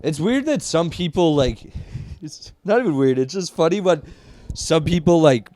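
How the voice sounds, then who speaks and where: A man co-hosting a podcast, a stand-up comedian talking in animated, profane casual chat and laughing often. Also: fairly high pitch, moderate pace, no echo.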